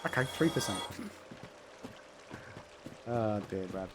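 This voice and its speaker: A man's voice: lowish voice, lively intonation, takes it slowly, background noise. An English man doing live gameplay commentary, bantering and teasing with his chat, with sudden sweary outbursts at the game. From England. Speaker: gaming streamer.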